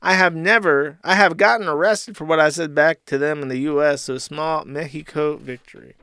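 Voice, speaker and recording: A man mocking a shrill, furious drunk ranter. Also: unhurried, pushed and bright, smooth, dry recording, studio quality, exaggerated voice. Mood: furious ranting. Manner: shrill, indignant ranting. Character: outraged drunk man ranting at an airline.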